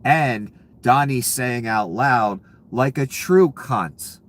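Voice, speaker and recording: A man's voice: mid-range voice, slow pace, few pauses. Profane, heated male political commentator. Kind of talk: angry political rant.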